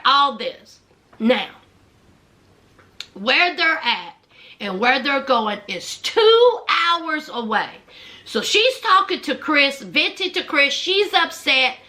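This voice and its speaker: A woman casually recapping a reality show, animated and acting out everyone's lines. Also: high-pitched, takes it slowly.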